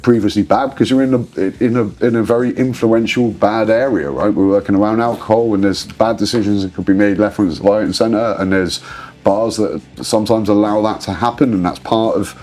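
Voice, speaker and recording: Man, 40s, very deep voice, animated, rambling, swears. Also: a little fast. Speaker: guest, drinks brand ambassador. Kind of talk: casual storytelling interview.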